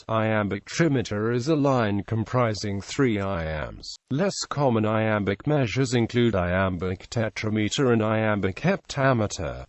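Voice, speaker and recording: A man's voice: fairly low pitch, dry recording. Text-to-speech man reading an encyclopedia entry; spells out symbols letter by letter; dry booth sound. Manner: reads symbols and abbreviations out letter by letter. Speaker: encyclopedia article reader. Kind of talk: automated reading of an encyclopedia article.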